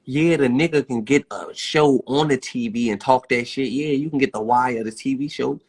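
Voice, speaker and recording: A man's voice: mid-range voice, normal speed, slightly rough. A man with a Baltimore accent ranting bluntly and profanely on a phone livestream. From Baltimore, USA.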